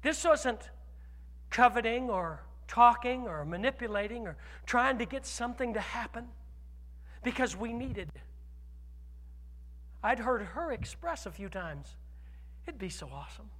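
A man preaching a sermon as pastor, telling a personal story with animated swings from loud declarations to hushed asides. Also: very high voice, a little slow, long pauses, long reverb tail.

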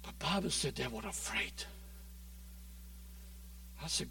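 High-voiced preacher with dramatic swings. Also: male voice, expressive, takes it slowly, vocal fry, long pauses, far from the mic. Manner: dramatic, swings from shouts to near-whispers. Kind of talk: sermon.

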